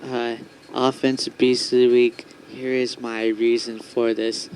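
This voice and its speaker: A man co-hosting a fan podcast, giving his picks in a steady, measured way. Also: medium pitch, slight background noise, rough recording. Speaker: podcast co-host. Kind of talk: casual podcast chat.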